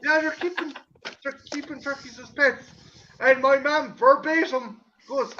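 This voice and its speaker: A man telling a family story in casual chat, animated and swearing, acting out his parents' voices. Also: very high voice, unhurried, lo-fi sound, slight background noise. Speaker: host.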